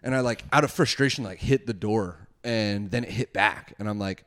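A man's voice: fairly low pitch, normal speed, few pauses, fairly bright tone. A young man casually telling a wild story, rambling, swearing a lot and laughing often.

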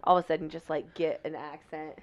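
A woman in her thirties co-hosting a casual podcast, telling animated stories and laughing often. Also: sits low, quick pace, lo-fi sound, a crowd in the background. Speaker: podcast co-host. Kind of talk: casual chat. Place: indoors, on a couch.

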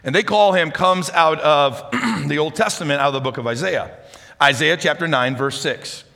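Energetic high-voiced pastor in a hall. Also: male voice, moderate pace, creaky. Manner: energetic, chatty, animated. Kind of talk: sermon. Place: church hall with audience. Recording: reverberant church hall.

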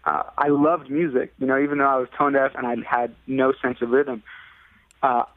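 A man's voice: mid-range voice, flat delivery, moderate pace. A man from California, a musician guest, telling a story in a rambling, casual way with lots of fillers, acting out what others said in a raised voice. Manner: rambling, many fillers, acts out quoted people in a raised voice. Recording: tinny phone-like line, dry.

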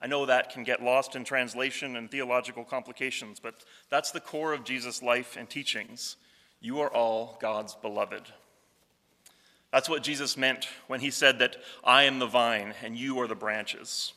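A man preaching a sermon in a measured, reflective way, dropping his voice to quote scripture slowly and softly. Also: mid-range voice, fairly even intonation, in a large hall. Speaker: pastor.

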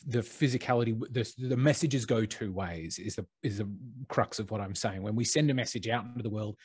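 A man's voice: fairly low pitch, brisk, darkish tone, slightly rough, dry recording, clean studio sound. A man, talking thoughtfully in a casual conversation and building on ideas with playful asides. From Australia.

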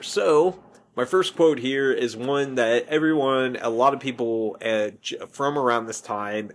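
Man, podcast host, casual movie chat, rambling, self-correcting, mid pitch, faint background noise.

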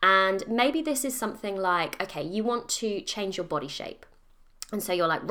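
Bright, chatty woman podcaster. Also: medium pitch, big pitch swings, normal speed. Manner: chatty and upbeat, acts out her own past thoughts. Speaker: podcast host. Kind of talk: casual solo podcast talk.

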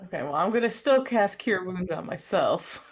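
A woman playing a tabletop game, relaxed and matter-of-fact about her rolls. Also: on the low side, normal speed, slightly rough. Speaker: player. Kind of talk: tabletop game play on a stream.

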